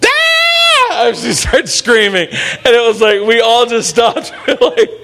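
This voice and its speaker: A middle-aged male pastor preaching a sermon in an animated way, with playful asides and bits where he acts out voices. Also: very high voice, unhurried, a little hiss or hum.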